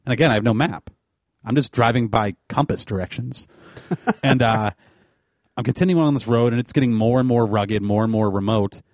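Man, casual storyteller, rambling with fillers, dead dry close sound, middle pitch. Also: a little fast, a little mellow, no room sound. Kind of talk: casual chat.

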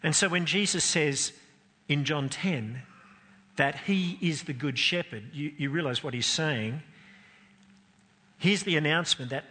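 A man's voice: fairly high pitch, a little slow, long pauses, bright, forceful tone. A man preaching a sermon, earnest and emphatic, his voice climbing and dropping to stress points. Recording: long hall reverb.

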